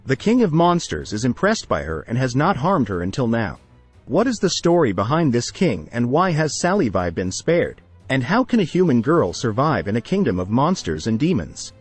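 A man narrating an anime plot recap in a steady, scripted storytelling manner. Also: medium pitch, normal speed, husky. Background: faint music.

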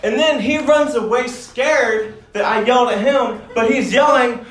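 Male stand-up comic, high voice, loose and crude, laughs at his own material, distant mic in a booming club. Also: a little slow, fairly bright tone, roomy sound. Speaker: stand-up comedian. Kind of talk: stand-up set. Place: comedy club in front of a crowd.

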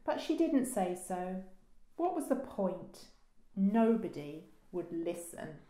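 A woman librarian reading a children's picture book aloud with slow, expressive storytelling. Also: mid-range voice, noisy background. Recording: roomy echo.

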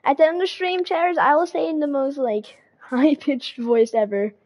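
A woman's voice: high-pitched, fairly even intonation, moderate pace, a little mellow. A woman streaming a game live, chatting casually with her viewers and repeating phrases, with a slight cold. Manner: chatty, repeats herself, greets chat.

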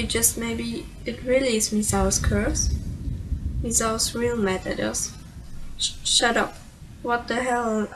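A woman's voice: on the high side, noisy background. A woman with a German accent, a let's player reading game dialogue aloud and switching between English text and German remarks, with small stumbles. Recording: game music playing behind.

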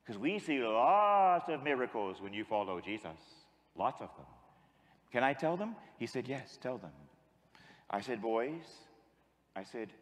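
A priest's sermon fills a large church, its long echo giving a big-room sound. Unhurried and medium in pitch with big swings, he recounts a story before leading the congregation in call-and-response.

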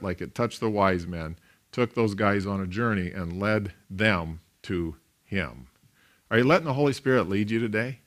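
A man, a pastor, preaching a sermon in an animated storytelling way, with big swings in loudness. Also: medium pitch.

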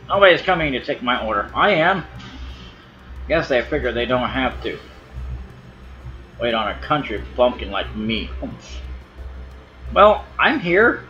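A man's voice: medium pitch, normal speed, long pauses, bright, forceful tone. A young man giving offhand, rambling commentary while playing a video game. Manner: rambling, offhand, mumbling asides. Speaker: let's play gamer. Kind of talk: casual gameplay commentary. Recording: dull lo-fi with game music.

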